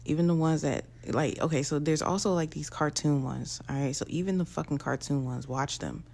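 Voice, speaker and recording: A woman's voice: deep voice, brisk, vocal fry, a little mellow. A young woman, ranting bluntly and profanely to camera in a casual vlog. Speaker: vlogger.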